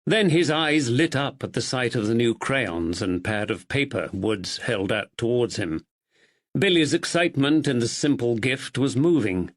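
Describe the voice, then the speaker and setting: A man reading a mystery audiobook in a measured, expressive style. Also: medium pitch. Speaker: audiobook narrator. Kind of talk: scripted narration.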